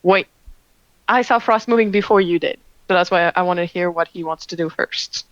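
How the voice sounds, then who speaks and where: Woman game master, halting and filler-heavy, dry close sound. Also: on the low side, dry recording, highs cut off. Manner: hesitant with many fillers and restarts, slow when describing. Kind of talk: narrating a tabletop game.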